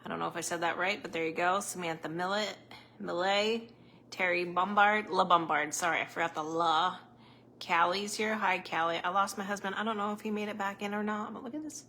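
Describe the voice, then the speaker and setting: A woman's voice: fairly low pitch, fairly even intonation, brisk, bright, forceful tone, slight background noise. A woman hosting a casual live stream as a psychic medium at home, close to the camera, rambling and chatty and laughing often.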